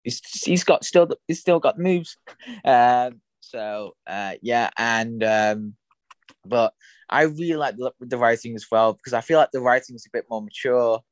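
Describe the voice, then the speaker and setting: A man's voice: mid-range voice, unhurried, no echo. A young man co-hosting a podcast, talking casually about comics with many fillers and restarts. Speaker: podcast co-host. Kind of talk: casual chat.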